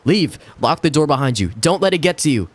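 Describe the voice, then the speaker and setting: Frantic crying young wife, pitched way up, a guy reading her lines. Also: very fast, husky, dry recording. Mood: panicked. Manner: frantic, pleading, tearful. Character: panicked terrified young wife.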